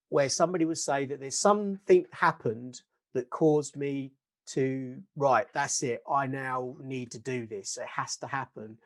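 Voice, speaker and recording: Hesitant man asking questions. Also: on the high side. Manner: hesitant, rambling, restarts questions. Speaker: podcast host and interviewer. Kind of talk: casual interview questions over video call. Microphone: video call.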